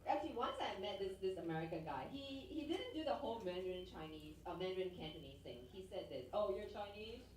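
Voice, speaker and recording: A woman's voice: fairly low pitch, expressive, quick pace, hardly any pauses, slight background noise. Woman stand-up, teasing crowd work, roomy distant live-venue sound. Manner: brash, teasing, acts out characters in bits. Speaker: stand-up comedian. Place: live music venue, audience present. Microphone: handheld stage mic. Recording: roomy echo, heard from afar.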